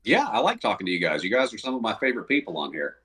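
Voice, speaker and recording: A man's voice: fairly low pitch, huge pitch swings, racing, bright, forceful tone. A man, a paramedic guest chatting casually on a podcast with dry, self-deprecating humor. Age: adult, married.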